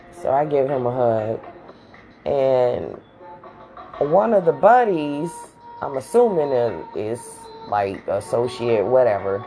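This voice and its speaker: A woman's voice: extremely low pitch, lo-fi sound. A woman telling a personal story in a casual, candid and profane way, full of slang.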